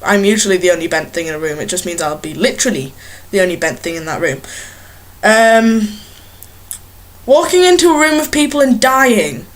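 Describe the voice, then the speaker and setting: Expressive and mid-range, this young woman talks at a normal pace in a casual webcam chat from her small bedroom. She's a vlogger who rambles, giggles, and mocks herself as she goes.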